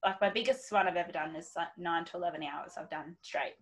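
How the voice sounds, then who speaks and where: Woman, thirties, low-ish voice, chatty, casual podcast talk. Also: brisk, rough recording. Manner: chatty, uses "like" and "literally" a lot. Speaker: professional declutterer.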